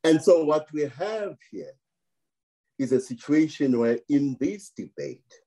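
A man argues slowly and deliberately as an interview guest. His tone is mellow and dark, and he presses his point through rhetorical repetition. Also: on the high side, animated, poor audio. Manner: measured, emphatic, rhetorical repetition.

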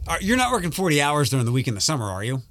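Animated chatty man with a higher voice. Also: racing, dry recording. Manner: rambling, self-correcting storyteller. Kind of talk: casual chat.

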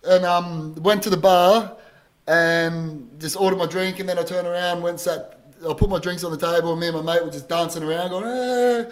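A man's voice: fairly high pitch, little pitch movement, a little fast. A man, telling a rowdy, profane story in casual chat.

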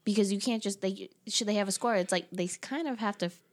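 A young woman in casual chat with her co-hosts. Her voice sits at a middle pitch for a woman. She talks chattily, laughing often and leaning on fillers. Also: fast talker. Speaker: podcast co-host.

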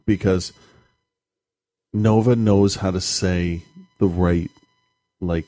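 A man with a fairly low, mellow voice talks in a loose, rambling way. He is a co-host in a casual chat, telling stories with animation and the odd curse word. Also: slow pace. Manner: rambling, animated storytelling with profanity. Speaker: podcast co-host, parent.

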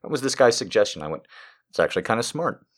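A man's voice: mid-range voice, sing-song, fast. A man telling a story as a comedic monologue, a ranting, profane storyteller who makes sarcastic asides to the listener.

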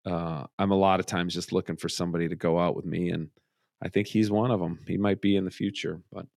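A man's voice: sits low, flat delivery, fast talker, vocal fry, a little mellow, no room sound, studio quality. A middle-aged man hosting a podcast from his home, chatting casually and rambling with restarts. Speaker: podcast host. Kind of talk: casual chat. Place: room at home.

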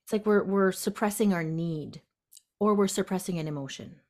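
A woman in a podcast chat speaks at a middle pitch, unhurried and gentle. She explains things step by step, sometimes acting out the small voice in her head. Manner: gentle, explains step by step with acted inner dialogue. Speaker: guest, intuitive health practitioner. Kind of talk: casual podcast conversation. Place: sunroom at home.

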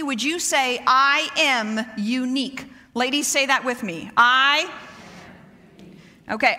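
A middle-aged woman giving a sermon to women, loud and animated in her delivery. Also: high voice. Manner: loud, animated preaching, says so herself. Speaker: women's ministry speaker. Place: church sanctuary. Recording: reverberant church hall.

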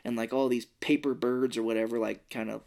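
A man's voice: medium pitch, fairly quick, creaky. A man co-hosting a podcast, casually retelling a movie scene by scene, acting out quotes now and then. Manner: animated retelling with acted quotes and swearing. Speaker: podcast co-host. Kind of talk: casual movie recap chat.

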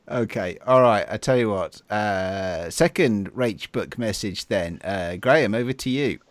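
A man hosts a podcast in relaxed chat. He chuckles often and keeps the show moving briskly. His voice is close and dry, with no room sound. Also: on the low side, no room sound. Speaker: podcast host. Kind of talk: casual chat.

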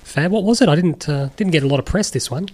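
A man's voice: a little high, lively intonation, quick pace, a little mellow. A man hosting a casual sports podcast, talking animatedly, swearing freely and acting out what others said. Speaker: podcast host.

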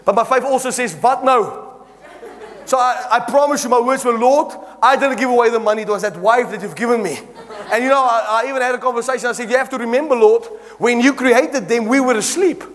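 A man's voice: extremely high pitch, a little fast, fairly bright tone, big-room sound. A man preaching a sermon as he tells a story, acting out the dialogue with laughing asides.

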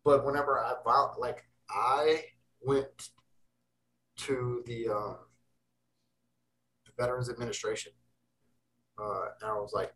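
A young man talks with fierce, emphatic intensity, dropping curses as he goes. His voice is bright and tense. He sounds set back a little from the microphone. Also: medium pitch, fairly even intonation, takes it slowly, pauses often, distant mic, low-quality recording. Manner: intense, emphatic, swears freely. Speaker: interview guest. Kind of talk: casual interview talk.

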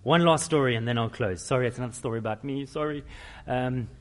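A middle-aged man preaching a sermon, with animated, self-deprecating storytelling. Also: mid-range voice, fast talker. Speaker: pastor.

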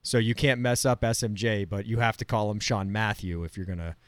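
Male co-host, low clear voice, dry teasing banter, dead-dry video-call sound. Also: fairly even intonation, a little fast, dry recording. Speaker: podcast co-host. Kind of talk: casual chat over video call.

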